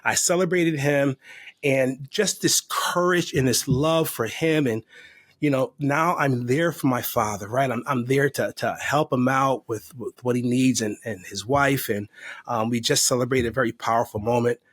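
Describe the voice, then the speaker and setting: A man speaks earnestly as a podcast guest, his voice slightly husky. He tells his recovery story with heartfelt, emotional faith. The sound is dry and close. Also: mid-range voice, moderate pace, fairly bright tone, dry recording. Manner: faith-filled. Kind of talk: personal testimony in conversation.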